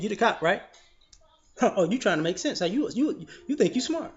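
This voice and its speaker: A man giving a blunt, profane commentary monologue, telling stories in an animated way. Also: high-pitched, fairly quick. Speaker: vlogger. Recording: slightly dull lo-fi audio.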